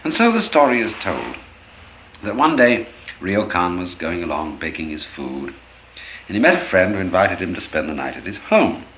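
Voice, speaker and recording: Man, lecturer, deep, bright, animated, roomy muffled old recording, faint hiss. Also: moderate pace. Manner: expressive, animated, acts out stories. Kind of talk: philosophical storytelling lecture.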